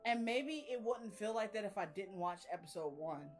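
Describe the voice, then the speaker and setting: A woman's voice: mid-range voice, expressive, normal speed, faint music behind. A young woman chatting casually about her reading. She rambles, uses slang and laughs often. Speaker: reading vlogger. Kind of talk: casual chat.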